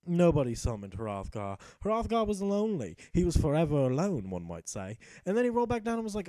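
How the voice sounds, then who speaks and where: A man's voice: fairly high pitch, huge pitch swings, warm tone, no room sound. A young man narrating a video game in a mock-epic style, sarcastic and profane, slipping into the hero's voice. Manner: sarcastic storyteller, swearing, quick voice shifts. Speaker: gaming commentator.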